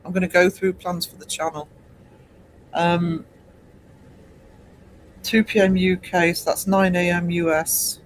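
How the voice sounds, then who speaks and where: An English man in his fifties hosting a casual late-night livestream, rambling and hesitant with many pauses. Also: sits high, fairly even intonation, slight background noise, rough recording. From England. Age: 50s. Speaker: livestream host.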